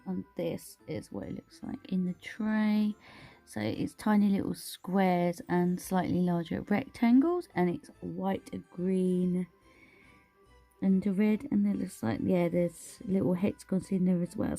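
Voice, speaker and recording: Slow, gravelly woman gushing over nail art. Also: on the low side, mellow. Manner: gushing, exclaiming over items. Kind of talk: casual unboxing chat.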